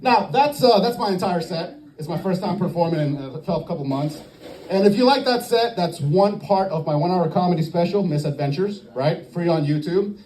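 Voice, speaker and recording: A man from the American South doing a stand-up comedy set at an open mic, animated and acting out voices, laughing at his own jokes. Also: high voice, moderate pace, a little hiss or hum, low-quality recording.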